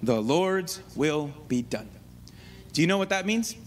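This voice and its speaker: A man preaching a sermon in an animated way, often checking in with his listeners. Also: a little high, unhurried, slight background noise.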